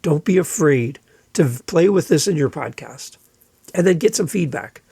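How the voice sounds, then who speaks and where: A man hosting a solo podcast, giving energetic, playful advice and sometimes mimicking listeners in silly voices. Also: fairly high pitch, moderate pace, vocal fry, husky, dry recording. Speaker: podcast host.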